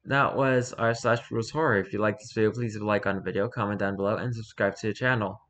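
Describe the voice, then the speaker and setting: A man reading a rules-style horror story aloud for his channel, lively, with occasional stumbles and restarts. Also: lowish voice, fast talker. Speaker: YouTuber reading horror stories.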